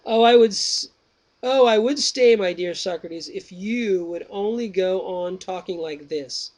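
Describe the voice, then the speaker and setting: A man voicing Menon, a young Greek student, reading his replies slowly and with emphasis. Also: sits high, voice pushed up, poor audio. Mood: eager.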